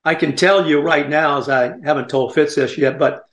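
A man's voice: on the high side, normal speed, a bit bright, echoey room. An older man hosting a radio talk show, chatting in a folksy, rambling way and laughing often. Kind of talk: casual radio chat.

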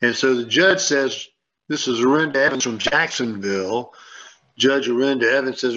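A man's voice: medium pitch, moderate pace, bright, forceful tone. A man on a sports radio show, rambling and repeating himself as he tells a story and acts out what people said. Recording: dull lo-fi sound.

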